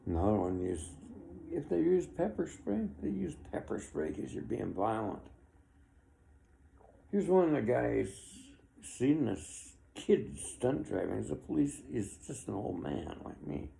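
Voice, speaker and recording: A man's voice: medium pitch, very animated, a little slow, gravelly, warm tone, a little hiss or hum. A man in his sixties giving an opinionated, rambling monologue, with chuckles between his complaints. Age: 60s.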